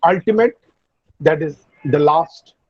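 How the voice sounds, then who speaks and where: Slow, husky Indian man teaching on a call. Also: a little high, no room sound. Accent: Indian English. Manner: slow, methodical explaining, frequent throat clearing. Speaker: English teacher. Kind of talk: online class lecture. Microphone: video call. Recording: dull lo-fi video call audio.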